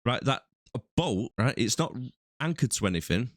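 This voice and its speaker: A man's voice: medium pitch, animated, normal speed, no echo, studio quality. A man co-hosting a podcast, rambling through crude jokes about a movie. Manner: rambling, crude, storytelling with mock quotes. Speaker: podcast co-host. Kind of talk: casual film-roast chat.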